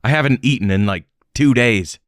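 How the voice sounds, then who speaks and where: A man's voice: mid-range voice, lively intonation, moderate pace, no echo, studio quality, voice pushed up, natural voice. A man voicing a casual, eager young traveler from the American Midwest in an audiobook.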